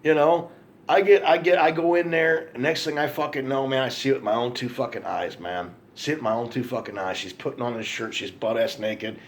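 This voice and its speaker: A man's voice: mid-range voice, a little fast, hardly any pauses. A man telling an angry, profane story to camera in a ranting monologue, repeating himself for emphasis. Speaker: vlogger.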